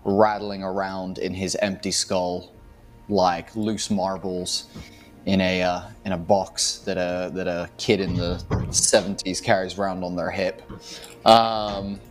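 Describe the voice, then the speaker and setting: A man's voice: low-pitched, level tone, slow, soft background music. A man playing a tabletop game, describing his character's actions in a rambling way full of fillers. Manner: rambling, lots of "like" and "um". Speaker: player.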